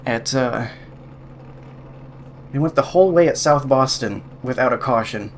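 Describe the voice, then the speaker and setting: A man narrates his own sim race in a loose, thinking-aloud way, slightly out of breath and chuckling at himself now and then. His pitch sits in an ordinary middle range, with a faint hiss under the voice. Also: measured pace. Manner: thinking aloud, relaxed, laughs softly at himself. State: a little out of breath. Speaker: sim racing streamer. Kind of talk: casual live commentary while driving. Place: room at home.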